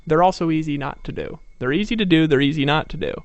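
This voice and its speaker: A network marketing presenter gives a persuasive motivational sales talk, telling stories and firing off rhetorical questions. His voice is a little high and quick, and the recording is dry and lo-fi.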